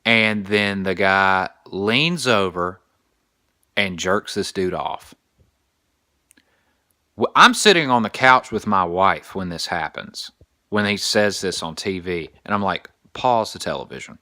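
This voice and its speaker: A young adult man hosting a podcast, telling a story in a casual comedic monologue, animated and crude. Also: deep voice, takes it slowly, dry recording, clean studio sound. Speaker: podcast host.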